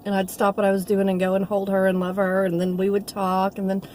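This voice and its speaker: A woman's voice: mid-range voice, completely flat delivery, brisk, a little mellow, slight background noise. A middle-aged woman, a nursing assistant telling a rambling, heartfelt story in a casual vlog. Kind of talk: casual talking-to-camera vlog.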